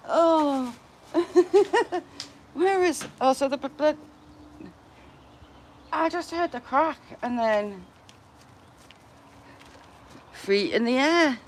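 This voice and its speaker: A woman hosting a casual livestream falls into a helpless, snorting laughing fit while greeting viewers by name, giggly and self-mocking. Her voice is high-pitched, with slight background noise.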